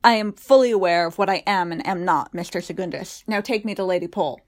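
A woman voicing gruff rough-voiced man. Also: lowish voice, quick pace, natural voice. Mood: impatient. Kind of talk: audiobook reading.

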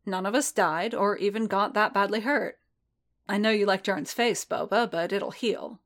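A woman reading a story aloud and voicing a cool, sharp-tongued female mercenary who talks briskly and bluntly. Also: mid-range voice, close to an everyday voice.

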